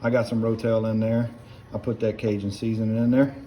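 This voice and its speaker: A middle-aged home cook with a South Louisiana accent chats folksily to his viewers, calling them "guys," as he cooks in his home kitchen. His fairly low voice is mellow and level, and he talks briskly. Pots and utensils clink behind this casual cooking demo, with a slight background noise.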